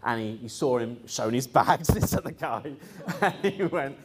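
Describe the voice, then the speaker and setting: A man's voice: mid-range voice, normal speed. A man recounts events in loose, chatty storytelling. He wanders, restarts and fills gaps with ums and uhs. He slips into other people's voices when he quotes them. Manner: rambling, lively, quotes others in voices, frequent fillers. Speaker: speaker recounting experiences. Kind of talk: casual storytelling talk.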